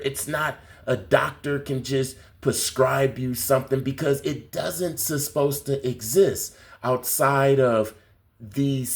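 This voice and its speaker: A man delivering a spiritual conspiracy monologue, slow, emphatic and repetitive. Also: medium pitch. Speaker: conspiracy vlogger.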